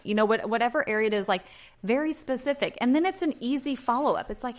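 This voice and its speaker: A woman's voice: fairly high pitch, expressive, fast. A woman co-hosting a casual marriage podcast, speaking conversationally and acting out example requests. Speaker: podcast co-host. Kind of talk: casual chat about marriage.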